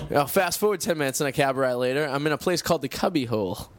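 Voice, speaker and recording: Rambling, foul-mouthed radio co-host. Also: male voice, on the high side, animated, racing. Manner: rambling storyteller, swears a lot. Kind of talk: casual radio banter.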